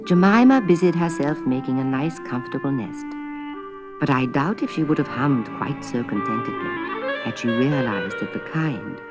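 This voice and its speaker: Woman narrator, storybook reading, lively expressive pitch, old record, loud orchestra underneath. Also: normal speed, over loud music.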